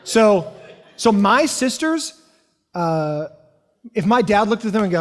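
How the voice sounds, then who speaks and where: A middle-aged male pastor from the United States preaches a sermon in a church hall, his high voice animated at normal speed. He tells family stories and acts out the voices in them. The recording has a long hall reverb.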